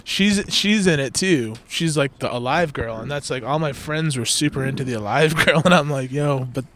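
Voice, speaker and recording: A man's voice: a little high, normal speed, fairly bright tone, a little hiss or hum. A man hosting a podcast, chatting casually with comedian guests and laughing often. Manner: laughs often while talking. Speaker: podcast host. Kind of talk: casual chat.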